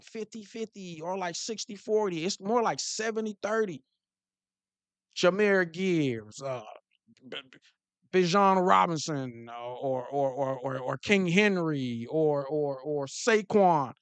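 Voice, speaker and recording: In a dry recording, a man with a smooth, high-pitched voice hosts a laid-back football show. He riffs to live viewers in animated slang, often starting his sentences over.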